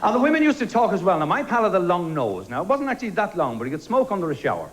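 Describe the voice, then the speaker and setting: A man with an Irish accent doing a stand-up comedy routine, deadpan, with quick quoted exchanges. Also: high-pitched. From Ireland. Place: television studio stage before a live audience. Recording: loud audience laughter and noise. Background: audience laughing.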